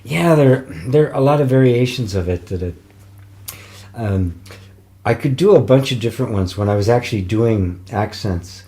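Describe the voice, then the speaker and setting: A man's voice: medium pitch, lively intonation, normal speed, mellow. An older man in casual chat, rambling with fillers, restarts and frequent chuckles as he reads viewer comments. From United States. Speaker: spiritual teacher.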